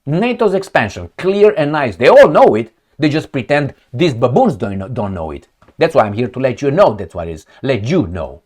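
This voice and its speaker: A man's voice: medium pitch, big pitch swings, normal speed, darkish tone. A man commenting on news headlines with heated sarcasm, rhetorical questions and frequent profanity. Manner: mocking retorts and rhetorical questions. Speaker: political commentator.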